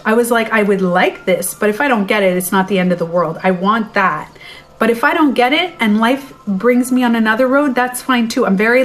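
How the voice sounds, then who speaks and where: A woman coach telling a personal story on a livestream, animated and chatty, blunt and now and then profane, into a phone mic. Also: mid-range voice. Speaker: beauty and life coach.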